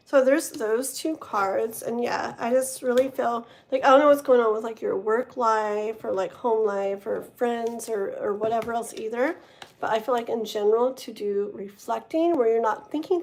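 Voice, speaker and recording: A woman's voice: fairly high pitch, moderate pace, a little mellow. A woman doing a casual live tarot reading with a tired, strained voice. She chats and rambles, and reads card meanings aloud. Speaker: tarot reader.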